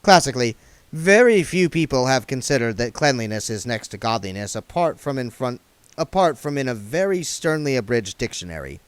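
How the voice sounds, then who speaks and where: Guy reading a book aloud, lively up-and-down voice, dry close sound. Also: medium pitch, fairly quick, clean tone, no echo. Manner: expressive, switching voices. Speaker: narrator.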